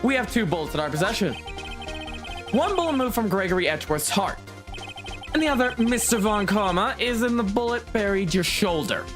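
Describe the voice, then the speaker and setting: A man voicing a determined young male defense attorney in a game, with emphatic, explanatory courtroom delivery. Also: high-pitched.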